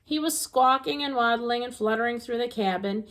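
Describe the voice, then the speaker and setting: A woman narrating a children's storybook aloud in an expressive, gentle reading voice. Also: on the high side, moderate pace.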